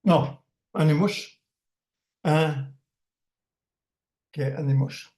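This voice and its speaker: A man teaching a language class slowly and patiently, pausing often and repeating words as he explains them. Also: a little high, steady tone, darkish tone. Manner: hesitant, many pauses and fillers, repeats words. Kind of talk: slow, patient language lesson. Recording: roomy echo.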